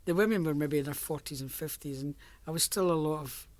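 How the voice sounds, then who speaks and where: A woman's voice: low voice, brisk, a little mellow, dry recording. An older Scottish woman reminiscing about her working life in a chatty, storytelling way, laughing often. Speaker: interviewee. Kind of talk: reminiscing oral history.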